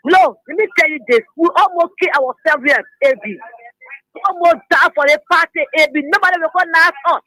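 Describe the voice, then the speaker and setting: A woman caller speaks high and bright, pleading and preachy as she blesses and warns. Her voice comes through dry and close. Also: a little fast, no echo, poor audio. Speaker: radio caller. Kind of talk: emotional call-in speech.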